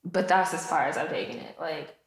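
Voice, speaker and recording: A woman in casual chat, relaxed and slangy, swearing freely. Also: low-pitched, a little fast, creaky. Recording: echoey room.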